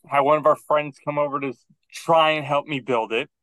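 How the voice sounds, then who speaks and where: A man co-hosting a casual podcast, telling a long rambling anecdote with quick restarts and acting out the people in it. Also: fairly high pitch, steady tone, fairly bright tone, no echo, poor audio. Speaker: podcast co-host. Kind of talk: casual storytelling chat.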